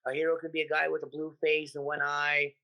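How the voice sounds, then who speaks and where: A man from the United States, a comedian guest in a casual interview, talking in an animated, profane way and acting out his stories. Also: a little high, a little fast, poor audio.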